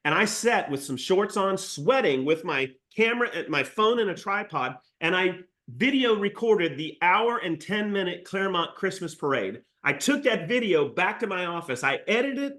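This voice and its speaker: A man giving an energetic, joking live training session to real estate agents. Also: sits high, moderate pace, hardly any pauses. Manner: energetic, jokey, salesy pep talk.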